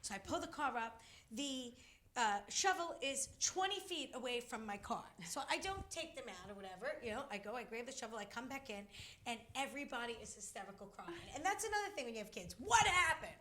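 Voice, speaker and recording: A middle-aged woman co-hosting a casual talk show, telling a family story in an animated way. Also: a little high, a little fast, slight background noise. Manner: animated storytelling, acts out voices. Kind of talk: casual chat.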